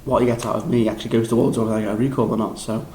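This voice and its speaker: A young man with a Liverpool accent, recapping a drama school audition in a rambling, excitable, self-deprecating way with lots of restarts. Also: lowish voice, rapid-fire, echoey room, poor audio. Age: young adult. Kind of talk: casual vlog recap.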